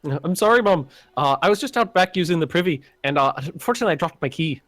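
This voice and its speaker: A man's voice: fairly high pitch, animated, fast, fairly bright tone, no room sound. A Canadian man voicing a young impostor putting on a bad Irish accent, which keeps slipping back toward his own Canadian one. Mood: pleading. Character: young man faking a poor Irish accent to fool a landlady.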